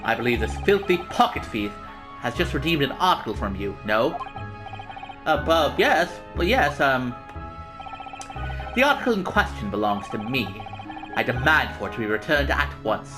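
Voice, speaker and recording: A man voicing a haughty upper-class English gentleman in a video game, with a pompous, formal and cutting manner. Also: mid-range voice, big pitch swings, moderate pace, pauses often, music in the background, natural voice.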